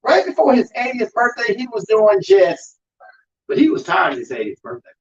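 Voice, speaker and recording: A man's voice: sits high, huge pitch swings, moderate pace, husky, lo-fi sound. A man who works as an undertaker and hosts a show, talking emphatically about grief in a preaching style and calling out to the audience. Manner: emphatic, calls out to the audience with "y'all".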